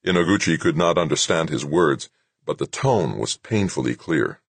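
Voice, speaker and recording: A man narrating an audiobook in a measured storytelling manner. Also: extremely low pitch, lively intonation, creaky, breathy edge, no room sound.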